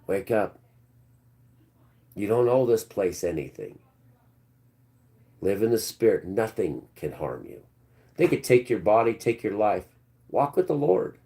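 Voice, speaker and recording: A man's voice: lowish voice, sing-song, unhurried, vocal fry, pauses often. Ranting man on a live stream. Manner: preachy, ranting, swings between loud and muttered.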